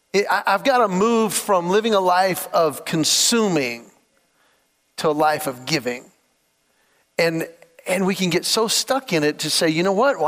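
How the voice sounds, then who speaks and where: A middle-aged man preaching a sermon, his voice pitched high for a man. He tells personal stories and acts out the quoted lines with animated energy. The sound carries a long church-hall reverb. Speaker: pastor.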